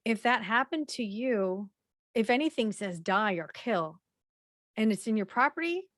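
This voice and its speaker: A woman presenting a slideshow workshop in a conversational way, with frequent fillers and repeated throat clearing. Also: on the high side, lively intonation, a little slow, no room sound, studio quality.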